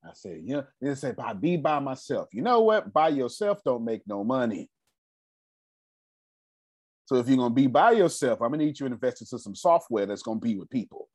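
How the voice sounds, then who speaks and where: A man's voice: medium pitch, sing-song, a little fast, a little mellow, no echo, clean studio sound. A man leading a group meeting with a motivational talk, emphatic and preachy, repeating his phrases and using casual slang. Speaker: meeting leader.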